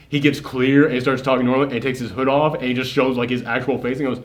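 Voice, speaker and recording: Male film reviewer, mid pitch, chatty spoiler recap, animated delivery with filler words and swearing. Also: a little fast, hardly any pauses. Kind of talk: casual spoiler review chat.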